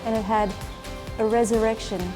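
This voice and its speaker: A woman earnestly retelling a faith story and reflecting on its meaning, with an animated, heartfelt delivery. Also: a little high, normal speed, music in the background. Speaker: faith speaker.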